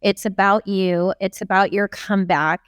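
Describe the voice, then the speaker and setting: A woman's voice: mid-range voice, steady tone, moderate pace, smooth, no room sound. A woman hosting an interview, asking questions in an eager, upbeat way. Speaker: host.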